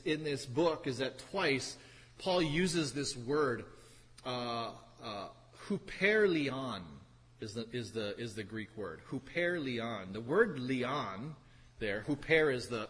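A man's voice: mid-range voice, expressive, slow pace, a bit bright, breathy edge. A man preaching a sermon, teaching from scripture with emphatic repetition and wry asides. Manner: emphatic, repeats phrases, wry sarcastic asides. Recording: hall reverb.

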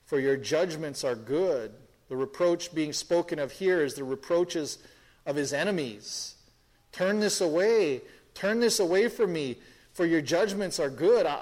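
A man preaching an expository sermon to a congregation, emphatic, often repeating phrases and restarting sentences. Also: fairly high pitch.

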